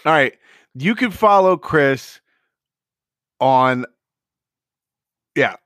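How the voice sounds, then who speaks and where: A man hosting a podcast in casual chat, reacting and interjecting quickly. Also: mid-range voice, animated, fairly bright tone, dry recording, studio quality. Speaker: podcast host.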